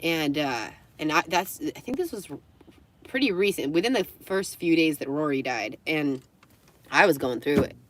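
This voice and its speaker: A woman's voice: low-pitched, no room sound. A young adult woman telling stories casually on a live stream, laughing often and acting out the people in them. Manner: chatty, laughs often, acts out quoted voices.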